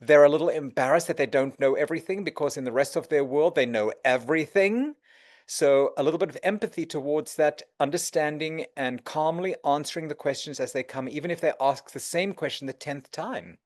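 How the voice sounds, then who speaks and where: A middle-aged man speaking as an interview guest, giving advice and acting out quoted exchanges. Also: a little fast. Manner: animated, acts out quoted dialogue with shifts in pitch. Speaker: interview guest, real estate executive.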